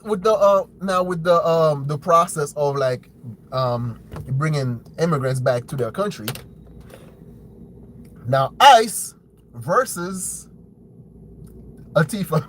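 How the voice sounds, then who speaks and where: A man's voice: lively intonation, slow, pauses often, a bit bright, a little hiss or hum, low-quality recording. A man hosting a commentary show, ranting bluntly with profanity and a habit of asking "right?". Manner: blunt, profane, mocks opponents in shrill put-on voices. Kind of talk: opinionated commentary rant.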